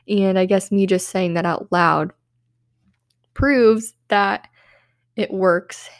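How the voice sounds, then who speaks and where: Young female podcast host, earnest and heartfelt, teary-voiced, mid pitch, dry close mic. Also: a little mellow, no echo. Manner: earnest, heartfelt, uses "like" often. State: tearful, on the verge of crying. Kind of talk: self-help podcast monologue.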